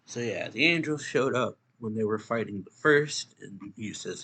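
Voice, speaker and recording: A man's voice: fairly low pitch, lively intonation, measured pace, pauses often, bright, forceful tone, breathy edge. A man giving a casual chapter recap, retelling it loosely with lots of fillers and restarts. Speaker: manga reviewer.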